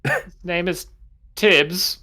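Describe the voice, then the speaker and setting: Player voicing a cocky goblin cook: bright, brash, self-selling. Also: mid-range voice, wildly swooping pitch, drawn-out words, heavily acted. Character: brash male goblin chef.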